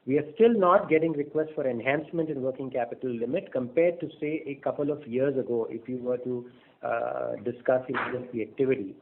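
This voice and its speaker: A man presenting as a bank executive on an earnings call, speaking in in a measured way, with frequent fillers and restarts. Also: mid-range voice, a little hiss or hum. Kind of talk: business presentation on a conference call. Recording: phone-line audio.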